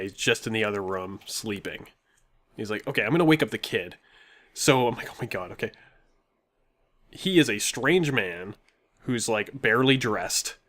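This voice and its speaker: Young guy rambling thru a crazy d&d story, mid pitch, keeps laughing and doing the dialogue. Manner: animated, laughs often, quotes people in dialogue. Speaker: podcast co-host telling a story. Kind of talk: casual storytelling.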